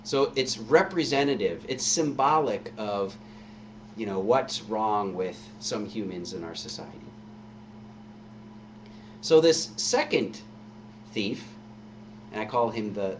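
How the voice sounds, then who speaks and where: A man's voice: lowish voice, distant mic, slight background noise. A male pastor giving a conversational sermon full of rhetorical questions at a live-streamed church service.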